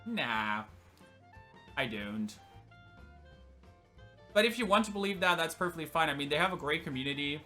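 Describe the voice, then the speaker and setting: With soft music playing underneath, this young man from Germany chats and jokes through a casual livestream Q&A, laughing often in his German accent. His slightly high voice is sharp and animated, moving at a moderate pace with frequent pauses.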